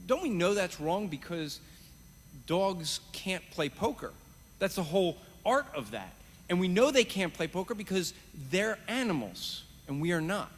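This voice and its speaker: High, animated man in a hall. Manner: animated, talks fast with quick restarts. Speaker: evangelism trainer. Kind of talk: live teaching demo. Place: conference stage. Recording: reverberant hall.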